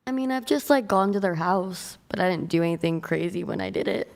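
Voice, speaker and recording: A woman's voice: on the low side, lively intonation, brisk, vocal fry, darkish tone. Woman on a panel, giggly, trails off mid answer. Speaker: panel guest. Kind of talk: casual chat.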